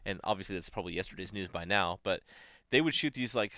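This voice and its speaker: Brief: male co-host, bright crisp voice, dry close sound, animated swearing storyteller. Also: sits low, fast talker, no room sound. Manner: animated storyteller, swears often, laughs a lot. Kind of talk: casual profane chat.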